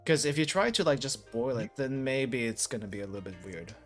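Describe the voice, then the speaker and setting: A man's voice: medium pitch, expressive, fairly quick, a bit bright, soft background music. A man hosting a podcast in casual chat, hesitant, often stammering and restarting his sentences. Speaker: podcast host.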